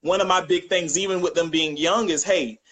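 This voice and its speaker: A young man chatting as a podcast guest, telling lively family stories and acting out quotes with laughter. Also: high voice, moderate pace, rough recording. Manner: animated storyteller, acts out quotes with laughter. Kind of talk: casual chat.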